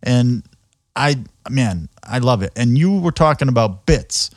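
A man's voice: mid-range voice, animated, a little slow, no echo, clean studio sound. A man hosting a casual interview, rambling through his questions and laughing a lot. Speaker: podcast host.

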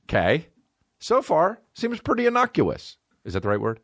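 A man's voice: a little high, wildly swooping pitch, normal speed, fairly bright tone, no room sound, studio quality. A young man co-hosting a casual comedy podcast, reading personal ads aloud and mocking them in a crude, incredulous way. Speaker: podcast co-host.

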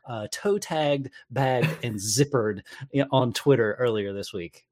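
A man's voice: medium pitch, measured pace, darkish tone, no room sound. Male co-host, sarcastic ribbing banter. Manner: sarcastic, laughing jabs. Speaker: podcast co-host. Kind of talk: casual chat.

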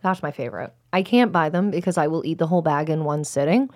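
A woman's voice: deep voice, fast talker, darkish tone. A woman co-hosting a podcast chats casually, her words muffled as she talks with her mouth full. She laughs often and keeps an easy, conversational pace. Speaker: podcast co-host. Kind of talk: casual chat while tasting snacks. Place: small studio in a black box theater.

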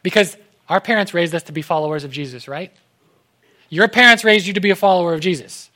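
A young man preaching a casual sermon in an animated way, acting out the voices of the people he quotes. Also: sits high, fast.

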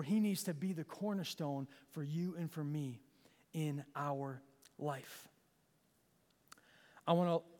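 High-voiced pastor preaching in a reverberant hall. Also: male voice. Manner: self-deprecating, with dramatic pauses and emphatic repetition. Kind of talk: sermon. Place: church sanctuary with long reverb.

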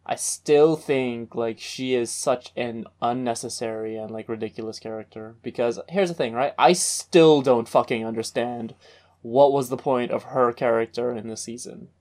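A man's voice: medium pitch, moderate pace, darkish tone. A man in casual chat, blunt and skeptical, swearing freely.

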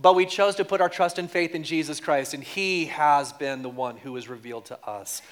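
Man, pastor, sermon, high-pitched, humorous, repeats lines for emphasis. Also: normal speed.

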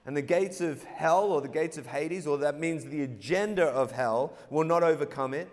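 Man, pastor, sermon, call-and-response, jokey, high voice, long reverb. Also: normal speed, a little mellow. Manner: playful, call-and-response with congregation, laughs at own jokes.

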